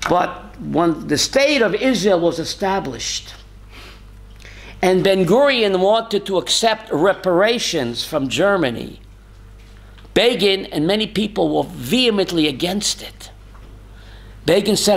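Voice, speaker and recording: This man, a rabbi, teaches an animated Torah lesson where he asks rhetorical questions, addresses students by name, and frequently chuckles. He speaks slowly in a high, creaky voice.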